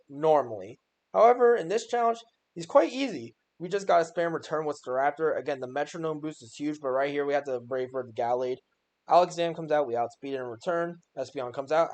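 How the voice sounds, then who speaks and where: A man's voice: a little high, darkish tone. A young man giving a casual voice-over on his own game run, joking and exasperated at his own plays. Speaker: gaming YouTuber.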